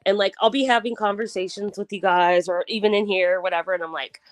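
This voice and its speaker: A woman's voice: mid-range voice, fairly even intonation, fast, dry recording. Laughing woman host, dry close sound. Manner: laughs often, rambling with restarts. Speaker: livestream host. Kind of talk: casual livestream chat.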